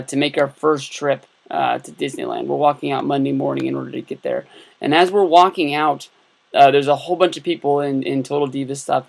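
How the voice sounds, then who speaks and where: Gravelly man rambling through a story. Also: fairly high pitch. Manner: rambling, many fillers and restarts. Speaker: YouTube vlogger. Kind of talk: casual storytelling vlog.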